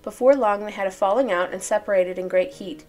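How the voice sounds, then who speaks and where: A woman reads old newspaper stories aloud, then drifts into chatty asides where she thinks out loud. Her pitch sits in an ordinary middle range, and faint music plays quietly underneath. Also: brisk. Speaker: reader of old newspaper articles. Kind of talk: casual reading with chatty asides.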